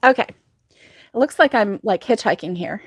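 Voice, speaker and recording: A woman's voice: mid-range voice, lively intonation, moderate pace, slightly rough, dry recording, clean studio sound. A woman hosting a crochet livestream, chatting casually with viewers, rambling and laughing often. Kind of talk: casual chat reading viewer comments.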